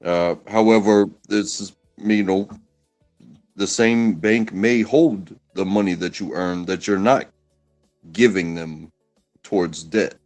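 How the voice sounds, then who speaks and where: A man in a casual discussion who talks hesitantly, with many pauses and restarts. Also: low voice, darkish tone, faint music behind.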